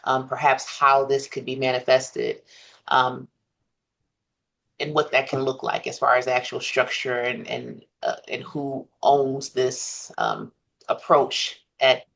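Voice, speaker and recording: Guy chairing a formal meeting, pretty flat voice, slow and careful with lots of ums. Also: medium pitch, creaky. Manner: measured, formal, many "um" pauses. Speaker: commission chair.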